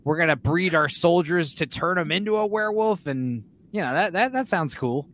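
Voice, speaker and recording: High-voiced man in rambling podcast chat. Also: normal speed. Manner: rambling, animated, swears freely, acts out scenes. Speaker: podcast co-host.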